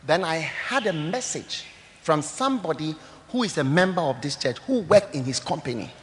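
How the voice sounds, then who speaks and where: A pastor preaches in a high, animated voice. He tells stories with emphasis, rising to loud declarations and dropping to quiet asides. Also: a little hiss or hum. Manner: emphatic, storytelling, swings between loud declarations and hushed asides. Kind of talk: sermon.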